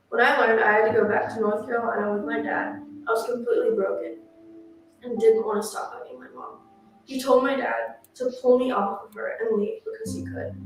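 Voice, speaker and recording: A woman narrating for a true-crime channel, reading a written statement aloud in a steady, earnest way. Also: fairly high pitch, creaky. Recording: echoey and distant, music behind. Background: music.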